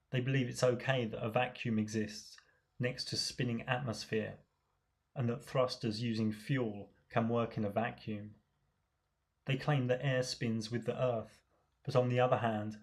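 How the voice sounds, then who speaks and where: A man delivering a sarcastic, mocking comic rant monologue. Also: mid-range voice.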